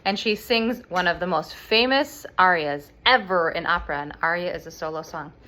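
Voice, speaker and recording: A woman explaining an opera plot to children as an expressive storyteller. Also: on the low side, moderate pace. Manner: animated, expressive.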